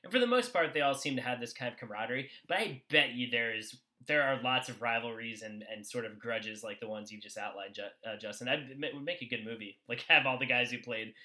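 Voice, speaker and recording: Man from New Jersey, bright voice. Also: mid-range voice. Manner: quick, musing asides. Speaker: podcast panelist. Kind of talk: casual film discussion.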